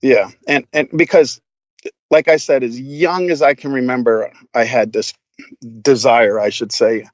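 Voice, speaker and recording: A man's voice: mid-range voice, unhurried, no room sound, highs cut off. A man guesting on a podcast, telling stories casually, laughing a lot and swearing freely with many restarts. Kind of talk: casual storytelling.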